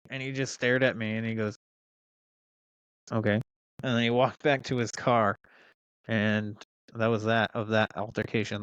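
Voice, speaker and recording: Smooth-voiced man, cursing storyteller. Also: fairly low pitch, a bit bright, no echo, muffled recording. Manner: profane storytelling with frequent fillers and restarts. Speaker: podcast guest. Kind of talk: casual chat.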